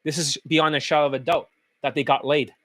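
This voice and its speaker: A man with a high voice rants bluntly, mocking and swearing as he goes. The sound is dry and close, with no room around it. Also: steady tone, fast talker, a bit bright, dry recording. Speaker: dating coach host. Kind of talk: profane reaction rant.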